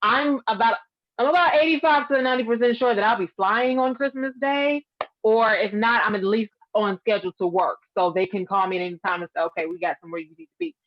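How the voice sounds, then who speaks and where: A woman's voice: on the high side, fairly quick, no room sound, muffled recording. A woman on a talk show speaking in an upbeat, earnest way. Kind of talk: casual talk show conversation.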